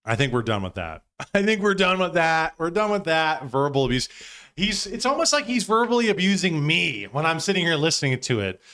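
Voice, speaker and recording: A man's voice: on the high side, big pitch swings, a little fast, sharp tone. A man hosting a live stream, commenting casually with loose, profane asides. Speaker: stream host.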